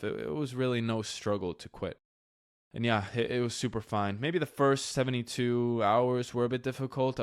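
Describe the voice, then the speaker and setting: A man's voice: mid-range voice, smooth, no room sound, studio quality. A man hosting a solo podcast, talking candidly and reflectively in a casual way that includes some swearing. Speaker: podcast host.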